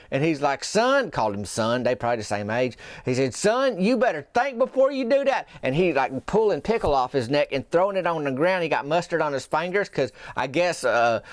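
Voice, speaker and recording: A man with a drawl rambles through a comic tall tale, with folksy turns of phrase and deadpan asides. His voice sits a touch higher than most men's. The sound is close and dry, with no room echo. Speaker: podcast host, storyteller.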